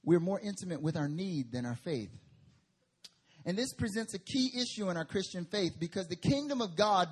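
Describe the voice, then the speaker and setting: Male preacher, fairly high husky voice, chatty sermon with forceful peaks. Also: animated, moderate pace. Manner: conversational, rising to forceful emphatic bursts. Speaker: pastor. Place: church service.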